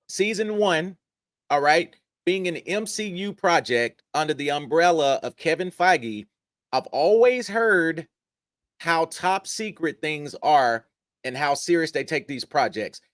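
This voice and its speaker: Male podcast host, admiring and eager; slightly higher pitch, dry sound. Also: animated, slow pace, no echo. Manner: enthusiastic, admiring interviewer. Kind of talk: podcast interview.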